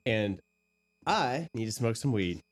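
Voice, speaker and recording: A man's voice: on the low side, lively intonation, measured pace, dry recording. Giggly, foul-mouthed man hosting late-night radio. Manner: profane, giggly, rambling. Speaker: radio show host.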